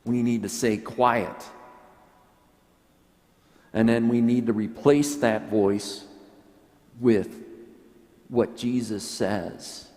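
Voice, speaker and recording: Slow-spoken priest in reverberant church. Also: male voice, mid-range voice, steady tone. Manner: earnest and reflective, drops to soft quiet tones. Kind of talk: sermon.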